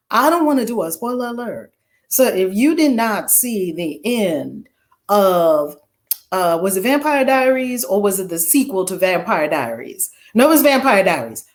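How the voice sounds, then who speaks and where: A woman author chatting casually on a livestream, full of excitement as she greets viewers one by one. Her voice sits slightly high and leaps up and down constantly. She often bursts out with loud, cheerful calls. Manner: exuberant, shouts greetings to viewers by name.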